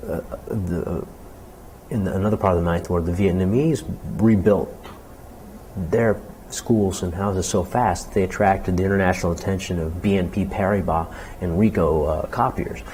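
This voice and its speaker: A man being interviewed as a jazz clarinetist, talking reflectively with many restarts and growing animated when he quotes others. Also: low voice, unhurried, slight background noise, poor audio.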